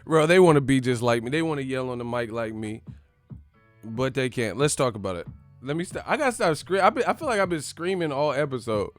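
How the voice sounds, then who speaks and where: A man hosting a boxing channel in casual, playful banter full of slang, often breaking into loud yelled movie catchphrases. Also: mid-range voice, animated, a little fast, no echo, soft background music.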